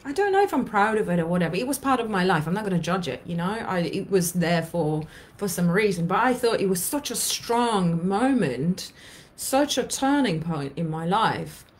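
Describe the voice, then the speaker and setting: A woman's voice: lowish voice, very animated, normal speed. A woman in her thirties, an anxiety coach, talking to her viewers in an earnest, blunt way and swearing freely. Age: 30s. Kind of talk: emotional coaching talk to viewers.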